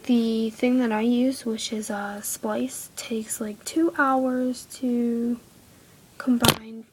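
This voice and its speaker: A woman's voice: fairly high pitch, steady tone, takes it slowly, slightly rough, poor audio. A teenage girl half-whispering a casual craft tutorial at home, apologetic and easily irritated. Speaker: craft video maker. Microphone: iPod camera close by. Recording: faint background noise.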